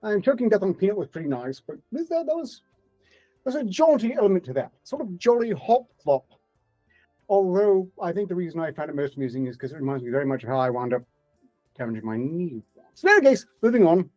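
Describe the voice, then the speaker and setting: A man's voice: high-pitched, very animated, quick pace, mellow, soft background music. A man co-hosting a comedy livestream, rambling in a dry, mock-grand manner. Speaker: co-host. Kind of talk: live comedy stream.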